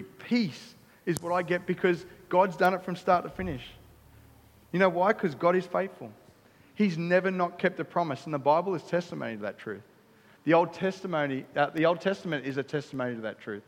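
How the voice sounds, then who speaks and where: A middle-aged Australian man preaches with an easy, conversational manner, throwing in casual asides between emphatic points. His voice sits a bit high for a man and rings out with the long reverb of a church hall. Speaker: pastor. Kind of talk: sermon.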